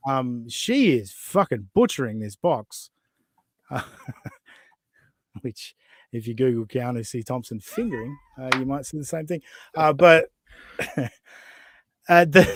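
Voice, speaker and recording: An Australian-accented podcast host chats casually, mocking and laughing often as he reacts to clips. His mid-range voice is a bit bright, and the studio-quality recording has no room sound.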